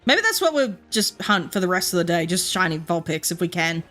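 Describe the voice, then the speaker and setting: An Australian woman streaming a game, chatting casually and rambling through a story with frequent laughs and quick asides. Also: lowish voice, big pitch swings, fairly bright tone, faint music behind. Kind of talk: casual chat while playing.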